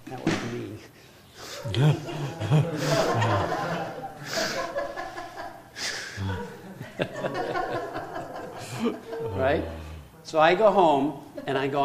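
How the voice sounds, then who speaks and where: An older man telling a personal story in an animated way, acting out his own panic. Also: a little high, very slow, long pauses, music in the background. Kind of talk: storytelling talk.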